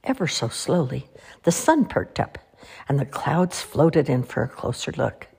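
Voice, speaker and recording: A woman reading children's stories aloud in an expressive, sing-song way. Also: a bass voice, unhurried, creaky, breathy edge. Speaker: storyteller. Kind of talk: children's story read-aloud.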